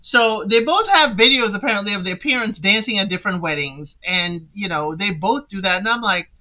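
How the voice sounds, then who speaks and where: A woman's voice: medium pitch, brisk, bright, forceful tone. A woman hosting a reality TV recap who talks in a sassy, casual way and speaks straight to the people she discusses. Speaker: recap podcast host.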